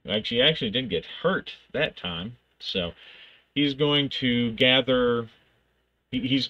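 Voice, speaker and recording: A man's voice: on the low side, sharp tone, lo-fi sound. A man thinking aloud as he plays a solo tabletop game, reading rules aloud and narrating the action in bursts.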